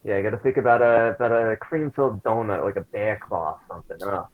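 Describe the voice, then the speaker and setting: A man's voice: fairly low pitch, fast, phone-quality sound. A man playing in a tabletop game, rambling in loose, casual grammar over call audio. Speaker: player. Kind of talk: in-character tabletop chat.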